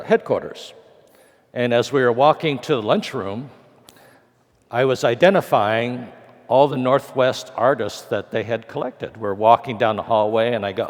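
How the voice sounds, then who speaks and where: A man's voice: mid-range voice, moderate pace. A man in his sixties from California, telling a story in a lecture with wry, dry humor and acting out the dialogue. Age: 60s. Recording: long reverb of a large hall.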